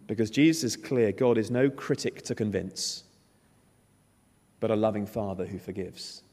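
A man's voice: on the low side, normal speed, darkish tone. A man preaching a sermon, emphatic and storytelling, acting out the characters' lines. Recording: long hall reverb.

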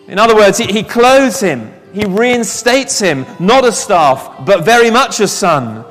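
A man preaching a sermon, telling a Bible story with lively asides and questions to the congregation. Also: high-pitched, normal speed, hardly any pauses. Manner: animated storytelling, reads scripture aloud, asks the congregation questions. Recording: long reverb of a large hall.

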